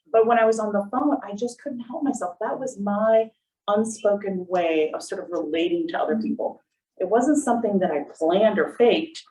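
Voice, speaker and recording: Low-voiced woman on a distant video call. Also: dark tone. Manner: earnest, explanatory. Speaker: panelist. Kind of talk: webinar panel talk.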